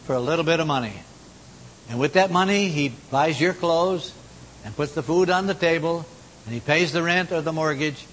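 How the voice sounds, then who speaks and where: A man preaching a sermon in a folksy manner, moving between loud exhortation and hushed, low tones. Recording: long hall reverb, faint rumble.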